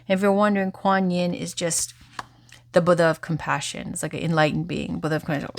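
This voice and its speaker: A woman gives a tarot reading and guided affirmation in a chatty, candid style full of lively asides, mentioning that she's losing her voice. Her voice is fairly low, brisk and gravelly, on a dry recording.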